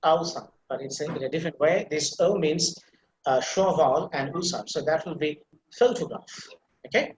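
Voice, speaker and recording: A man's voice: on the high side, fairly quick, roomy sound, slight background noise, poor audio. A man teaching a pronunciation class on a video call, explaining patiently with many fillers and repetitions.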